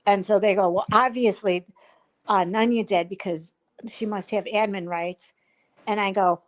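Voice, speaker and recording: A woman's voice: mid-range voice, moderate pace, rough recording. A woman hosting a live stream, chatting casually and retelling conversations in detail with quoted back-and-forth. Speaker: livestream host.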